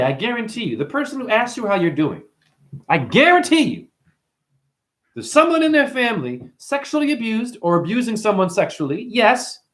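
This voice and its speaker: Male livestream host, high-pitched, profane, animated rant. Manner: profane, animated, mimics customers in high voices.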